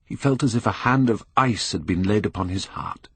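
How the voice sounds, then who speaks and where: An older man reading a classic novel aloud in measured, expressive storytelling. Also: lowish voice, breathy edge, no echo. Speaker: audiobook narrator. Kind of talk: scripted narration.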